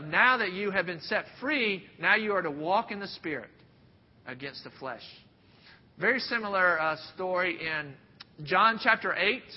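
Animated male preacher in a reverberant hall. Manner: animated, swings from loud bursts to hushed near-whispers. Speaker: pastor. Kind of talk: sermon with storytelling. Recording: dull sound with long hall reverb, faint rumble.

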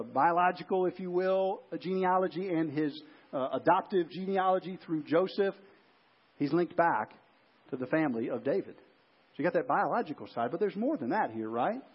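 A man's voice: high voice, slightly rough, lo-fi sound. A man pastor preaching a sermon in a conversational way, often asking the congregation questions and restarting his sentences.

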